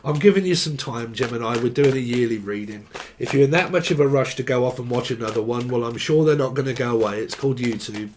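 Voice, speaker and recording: Young man, tarot reader; loose, profane, joking delivery at a mid-range pitch. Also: fast talker, a little mellow, slight background noise. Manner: joking, rambling and swearing freely. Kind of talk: casual tarot reading.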